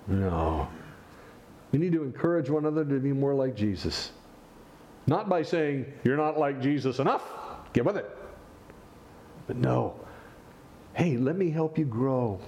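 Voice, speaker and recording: A man's voice: a little high, darkish tone. A man preaching a sermon, explaining scripture with rhetorical questions and wry asides. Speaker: pastor.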